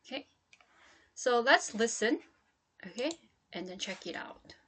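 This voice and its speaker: A woman's voice: a little high, lively intonation, a bit bright, slightly rough. A woman teaching English intonation in a lecture, explaining step by step and checking in often. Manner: explains slowly, with frequent "okay?" checks.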